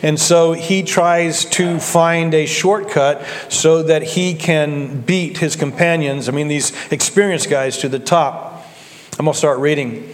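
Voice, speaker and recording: A male pastor, preaching a sermon in a folksy storytelling way, slowing down for emphasis. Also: fairly high pitch, fairly even intonation, big-room sound.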